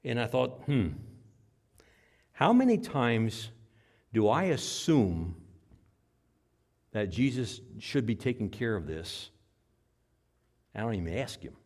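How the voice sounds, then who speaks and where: A man preaching a sermon, telling the story dramatically and acting out cries, whispers and shouts. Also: medium pitch, big pitch swings, takes it slowly, pauses often. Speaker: pastor.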